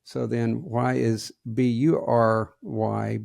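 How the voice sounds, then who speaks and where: A man with a Southern US accent talks in a folksy, plainspoken way as a podcast co-host. His voice has a gravelly edge. He is recorded close and dry. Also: medium pitch, steady tone, slow, darkish tone, no echo. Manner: folksy, plainspoken, preachy asides to leaders. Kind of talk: casual podcast talk.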